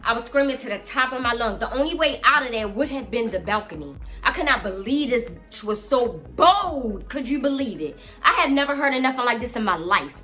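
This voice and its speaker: A middle-aged woman telling a storytime vlog in a casual, animated, profane way, talking straight to her viewers. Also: fairly high pitch, brisk, few pauses, faint music behind. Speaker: vlogger.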